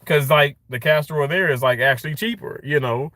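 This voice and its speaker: A man's voice: on the high side, fairly quick, sharp tone, dry recording. A man ranting in a casual vlog from his car, frustrated and swearing as he rambles. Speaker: vlogger.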